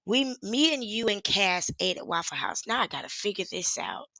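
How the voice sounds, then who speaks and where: A woman's voice: medium pitch, big pitch swings, moderate pace, sharp tone, no room sound, rough recording. A woman hosting a casual live stream as an activist, talking candidly and emotionally, swearing freely and laughing often. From Charlotte, USA. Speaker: livestream host and activist.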